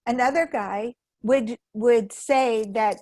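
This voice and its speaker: Woman, sermon, conversational, acts out quoted voices, higher voice, dry sound. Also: slow pace, a little mellow, no room sound. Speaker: guest speaker at a spiritual center.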